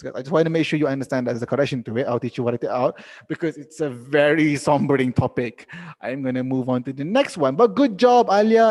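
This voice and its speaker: A young man teaching a live online English lesson, reading out students' sentences and correcting them gently. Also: fairly high pitch, in a large hall.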